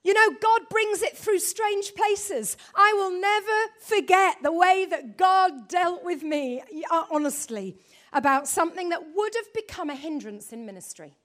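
A woman's voice: extremely high pitch, animated, measured pace, a bit bright. A woman preacher giving a sermon, telling a story about herself with self-mocking humor.

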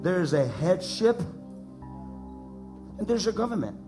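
A man from the United States preaching a sermon to a congregation, emphatic and repeating lines for them to echo back, building to shouts. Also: medium pitch, big pitch swings, normal speed, over music. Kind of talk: sermon with call-and-response. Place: church service before a congregation.

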